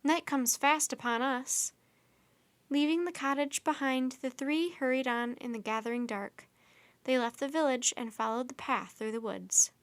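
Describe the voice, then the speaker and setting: A woman reads a children's storybook aloud in an expressive manner. Her voice is slightly high, and the recording is dry and close, with no room sound. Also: normal speed, no room sound. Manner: expressive, performing character voices.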